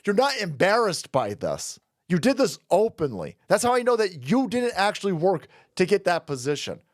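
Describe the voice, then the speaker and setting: A man's voice: sits high, very animated, moderate pace, no room sound, clean studio sound. A man giving a ranting commentary vlog, angry and sarcastic, swearing and laughing mockingly as he talks. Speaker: online commentator.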